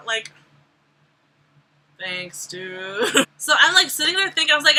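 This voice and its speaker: A woman's voice: sits high, very animated, unhurried, long pauses, pushed and bright, rough recording. A young woman vlogger telling a storytime in a chatty, sarcastic way, full of "like". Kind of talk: casual storytime.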